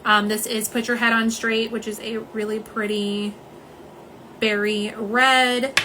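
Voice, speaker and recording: A woman, chatting casually and warmly through a nail polish livestream at home, with lots of "um"s. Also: a little high, level tone, slow pace, slight background noise, poor audio. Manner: chatty, many "um"s, says "y'all".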